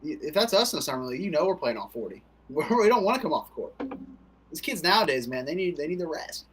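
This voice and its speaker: A man co-commentating in casual sports chat with joking, animated banter. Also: on the high side, fast, a little hiss or hum.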